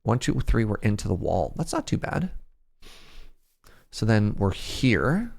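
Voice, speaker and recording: A man's voice: on the low side, huge pitch swings, measured pace, gravelly. A young man from Canada streaming a building game, chatting casually with viewers, thinking aloud and poking fun at himself. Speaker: Minecraft streamer. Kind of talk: casual gameplay chat with chat.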